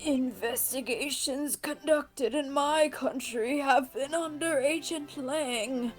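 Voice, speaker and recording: A woman putting on a frail old ambassador. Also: sits high. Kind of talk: fan voice acting of a game.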